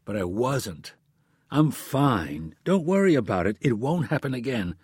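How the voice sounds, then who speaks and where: An evasive, placating husband, voiced by a male audiobook narrator, pitched a little lower and quieter than his narration. His husky voice sits dry and close. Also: sing-song, measured pace, no echo. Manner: low, hedging, placating. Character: evasive adult male operative husband, defensive.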